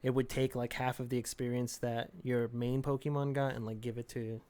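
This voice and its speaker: A man with a mid-range voice speaks easily on a gaming podcast. He lays out how the game works in a plain, relaxed way. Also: medium pitch, fairly quick, smooth. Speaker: podcast co-host. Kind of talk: casual gaming chat.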